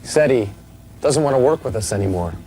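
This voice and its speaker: A man's voice: medium pitch, animated, fast talker, warm tone, slight background noise, low-quality recording. Grave man giving a mock-serious pep talk. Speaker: actor in sketch comedy. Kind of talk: mock-serious boss speech.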